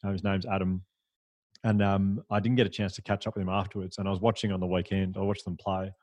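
Deep-voiced man telling stories. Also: fast, no room sound. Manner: animated, chatty, self-deprecating, with fillers and laughs. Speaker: podcast guest. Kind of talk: conversational storytelling.

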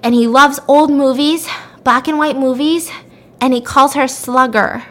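A woman's voice: high voice, steady tone, a little slow, pitched above the performer's own voice. A woman voicing a desperate young woman who pleads urgently with her attacker.

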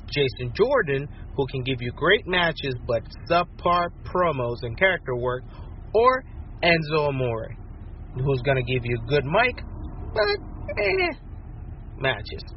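A man's voice: mid-range voice, very animated, measured pace, lo-fi sound, slight background noise. A man sending in a casual recorded question, playful and mixing in Spanish greetings. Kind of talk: casual recorded video message.

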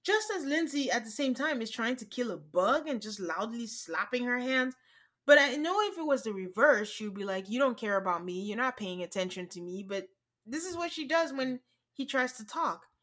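A woman co-hosting a podcast, chatting casually and retelling scenes by quoting people in a flat, drawn-out voice. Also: a little high. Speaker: podcast co-host. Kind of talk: casual recap chat.

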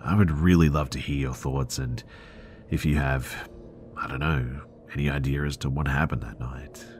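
A man with an extremely low, deep voice reads first-person horror stories aloud, measured and earnest. A faint hiss sits under his narration. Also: fairly even intonation, a little mellow. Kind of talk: scripted narration of listener stories.

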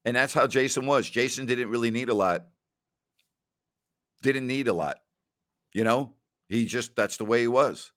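A man's voice: mid-range voice, moderate pace, pauses often, fairly bright tone, no echo, clean studio sound. A man hosting a podcast, casually answering listener questions and telling rambling stories, often repeating himself and laughing. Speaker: podcast host.

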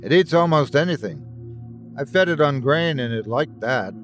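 A man's voice: mid-range voice, lively intonation, normal speed, faint music behind, natural voice. A man voicing an eager, deferential young crewman. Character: eager young male crewman, the creature's owner.

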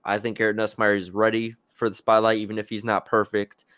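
A man's voice: fairly low pitch, monotone, a little fast, a bit bright, no room sound. A man co-hosting a sports podcast, talking casually and hedging with fillers and restarts.

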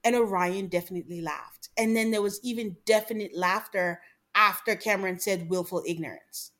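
A woman's voice: mid-range voice, normal speed, a bit bright. A woman co-hosting a podcast in a casual chat, emphatic and opinionated as she argues her view. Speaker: podcast co-host.

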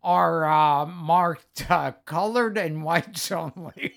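A man, a comedian hosting a podcast, recalling a roast joke in a halting, deadpan way. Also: a little high, gravelly. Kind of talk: casual interview chat.

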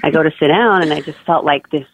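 A woman's voice: deep voice, fast, heavy background noise. A young woman, a first-time mother, tells her birth story as an interview guest in a chatty way, full of "like" and "you know". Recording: tinny, dry phone-line audio.

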